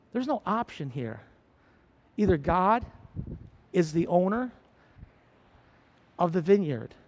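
A man with a strikingly high voice delivers a sermon as a pastor. He hammers on repeated phrases and rises into fervent emphasis. His words ring out with a long reverb, as in a large church hall. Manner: repetitive, rising to fervent emphasis.

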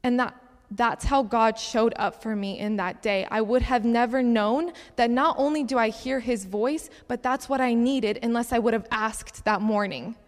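A woman's voice: on the high side, moderate pace. Young woman telling testimonies in a reverberant hall. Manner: chatty and animated, acts out the dialogue of her stories. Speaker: camp counselor giving a testimony talk. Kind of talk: sermon-style testimony storytelling. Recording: long reverb of a large hall.

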